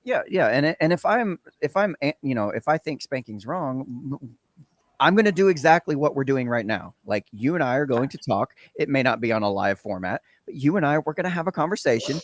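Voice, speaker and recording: A man's voice: mid-range voice, sing-song, brisk, no echo, studio quality. A man hosting a casual discussion, with an American accent and a slight Southern tinge, talking earnestly and often restarting his sentences. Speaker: show host and producer.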